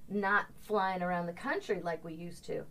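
A woman hosting a casual talk show, upbeat and quick to laugh as she reads out viewers' hometowns. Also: on the low side, fairly bright tone. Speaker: show host. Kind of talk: casual morning show chat. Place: home studio set.

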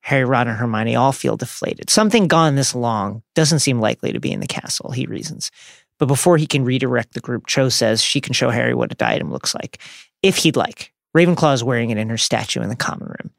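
Brief: man co-host, gravelly, wry playful storyteller, dry close studio mic. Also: mid-range voice, expressive, brisk, fairly bright tone, no room sound. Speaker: podcast co-host. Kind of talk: recapping a book chapter aloud.

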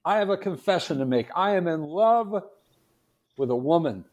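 A man's voice: on the high side, expressive, moderate pace, darkish tone, muffled recording, slight background noise, pitched above the performer's own voice, lightly acted. A man playing a flustered, hapless priest. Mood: earnest. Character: hapless male priest, a poor preacher.

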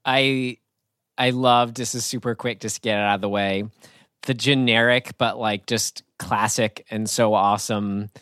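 A man's voice: fairly low pitch, steady tone, measured pace, fairly bright tone, smooth, dry recording, clean studio sound. A man co-hosting a casual film podcast, talking with easy enthusiasm. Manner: enthusiastic, laughs easily. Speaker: podcast co-host. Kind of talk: casual film discussion chat.

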